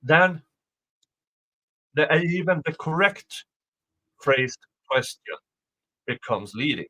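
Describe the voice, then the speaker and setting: A man's voice: fairly high pitch, expressive, slow pace, pushed and bright, poor audio. A man giving casual livestream commentary, reading out a court motion with rambling, self-correcting asides and sarcastic remarks.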